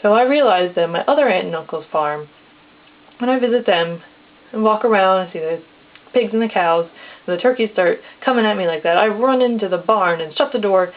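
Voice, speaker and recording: A woman's voice: medium pitch, lively intonation, a little fast. A woman telling a casual personal story step by step, acting out the dialogue in plain quotes. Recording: tinny phone-like lo-fi recording.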